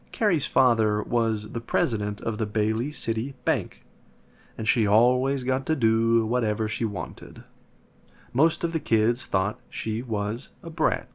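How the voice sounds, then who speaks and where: A man calmly reading a children's chapter book aloud. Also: fairly low pitch, a little slow. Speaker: narrator. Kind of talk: storybook reading.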